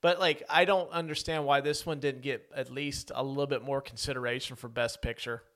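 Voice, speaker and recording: A podcast co-host discusses a film in a casual review chat, speaking briskly with a steady tone and a fairly bright mid-range voice. He's talkative and often goes off on tangents.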